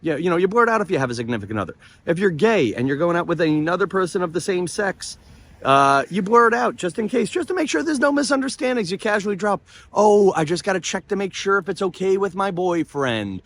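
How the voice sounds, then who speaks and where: A man hosting his vlog outdoors near the ocean, telling a story in a rambling, excitable way full of restarts and asides. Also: high-pitched, fairly quick, slight background noise. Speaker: comedian and vlog host.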